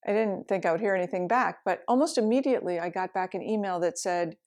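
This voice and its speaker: A woman's voice: medium pitch, fast, few pauses, darkish tone. Candid woman telling a personal story. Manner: candid, reflective, with laughs. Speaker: meditation teacher. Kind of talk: storytelling talk.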